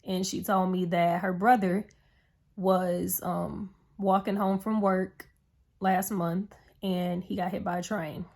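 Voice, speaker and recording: A woman's voice: on the low side, level tone, slow pace, creaky, darkish tone. A young woman vlogging to camera, telling a personal story in a rambling, earnest way full of fillers. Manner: emotional, heartfelt retelling.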